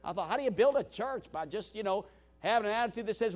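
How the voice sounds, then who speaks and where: A man preaching a sermon as a guest speaker in a church. He swings between loud emphatic calls and hushed tender asides, repeats his phrases and stumbles over restarts. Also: very high voice, sing-song, a little fast. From Southern United States. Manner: stammering restarts. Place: church meeting hall.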